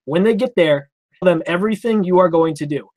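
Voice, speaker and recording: A man's voice: high voice, a little fast. A young man from Vermont, a guest in an interview, telling rambling stories about traffic stops in a casual way and acting out the police officers he quotes. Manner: rambling, animated, acts out quoted cops. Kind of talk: casual storytelling.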